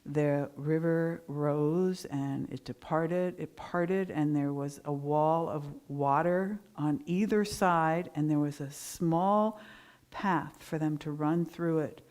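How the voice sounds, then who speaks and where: A middle-aged woman preaching at a Sunday service, spinning a story with animated, lively delivery. Her voice sits a little low for a woman. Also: slow. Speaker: minister giving a Sunday talk. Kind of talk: sermon storytelling.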